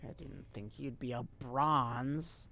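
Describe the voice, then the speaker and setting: A streamer voicing a tough, secretive troll girl from a game, speaking in a gruff, curt and irritable way. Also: mid-range voice, steady tone, takes it slowly, sharp tone, voice pushed down, exaggerated voice. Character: tough secretive female troll lurking in bushes.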